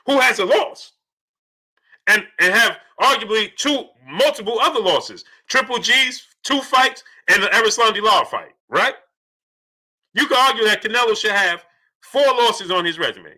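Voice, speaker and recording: Male streamer, high and bright, who keeps repeating rhetorical questions and greets the viewers in the chat by name. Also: lively intonation, moderate pace. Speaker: boxing channel host. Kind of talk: livestream commentary, reading chat.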